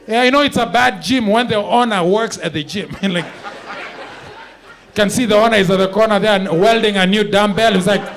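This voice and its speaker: A young Kenyan man performing a stand-up comedy set, animated, acting out people and mixing in Swahili phrases. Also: sits high, brisk, a faint crowd, slight background noise.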